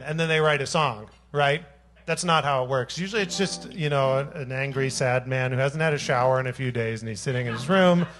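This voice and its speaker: A man's voice: a little high, moderate pace, a bit bright. A man, a singer-songwriter, chatting between songs at a live show in a rambling, self-deprecating joking way, into a stage microphone. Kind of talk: between-song stage banter. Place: live music venue.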